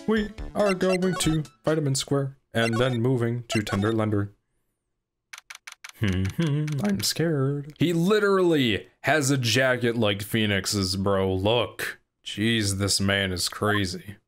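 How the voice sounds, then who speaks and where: A man's voice: medium pitch, animated, a little slow. A man joking casually while reading and playing through a story game, over game music. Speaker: gamer reading all voices.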